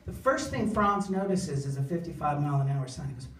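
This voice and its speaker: Animated woman telling a story live. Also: low voice, brisk. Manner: animated, self-deprecating, acts out other voices. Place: live storytelling event before an audience. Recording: echoey room, far mic, audience.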